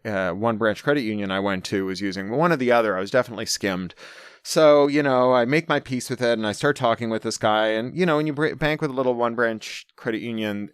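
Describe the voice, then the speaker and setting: Low-voiced man telling a story. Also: smooth, no echo, studio quality. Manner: animated anecdote-telling, quoting people in his own voice. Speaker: interview guest. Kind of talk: casual storytelling.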